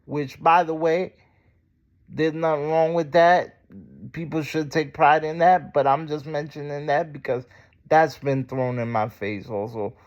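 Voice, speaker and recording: Indignant man ranting, slightly high voice. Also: fairly even intonation, measured pace, lo-fi sound. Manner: heated, profane and indignant. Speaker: vlogger. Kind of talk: angry casual rant to camera.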